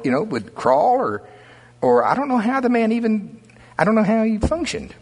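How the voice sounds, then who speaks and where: Older male pastor, folksy and animated, husky voice, long reverb of a large hall. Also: on the high side. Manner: folksy, animated storytelling preacher. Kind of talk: sermon.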